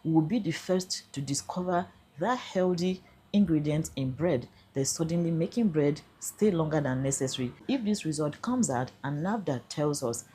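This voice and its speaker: A woman's voice: low-pitched, lively intonation, moderate pace, mellow, slightly rough. An older Nigerian woman with a Nigerian accent earnestly recounting her own experience, slipping into Pidgin at times. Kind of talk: emotional first-person account.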